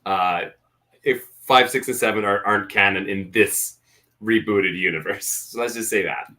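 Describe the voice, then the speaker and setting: Bright-voiced man, rambling guest. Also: on the low side, normal speed. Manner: rambling, hesitant, with many fillers and restarts. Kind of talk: casual chat.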